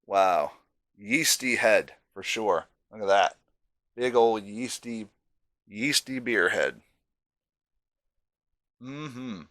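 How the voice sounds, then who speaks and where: A man's voice: on the low side, drawn-out words, long pauses, a bit bright. A man casually reviewing a beer on camera, chatty and self-deprecating, with savoring asides.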